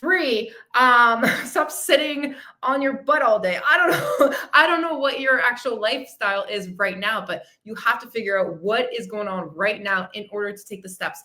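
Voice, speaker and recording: A woman's voice: on the high side, animated, moderate pace, bright, forceful tone. A woman fitness coach hosting a casual livestream chat, effusive and emotional, laughing often and swearing freely. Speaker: fitness coach and podcast host.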